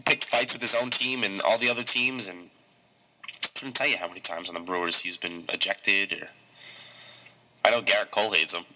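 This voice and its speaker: A young man with a very bright, forceful voice talks sports in a casual radio chat. He gets animated and stumbles over repeated words as he makes his point. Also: fairly low pitch, a little fast, pauses often, rough recording. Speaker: co-host.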